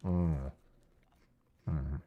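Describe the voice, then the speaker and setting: A man's voice: very deep voice, fairly even intonation, very slow, phone-quality sound. A man hosting a casual gaming podcast, talking in a rambling, self-interrupting, joking way. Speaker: podcast host.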